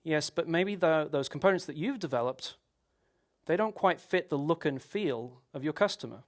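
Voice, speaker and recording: A man's voice: on the high side, lively intonation, moderate pace. Man giving a technical conference talk. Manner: explanatory, with frequent restarts and rhetorical questions. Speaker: conference speaker.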